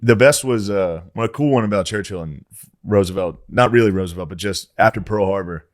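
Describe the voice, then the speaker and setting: A man's voice: lowish voice, brisk, no room sound, studio quality. A man co-hosting a podcast in casual chat, mostly chiming in with short agreeing remarks. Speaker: podcast co-host.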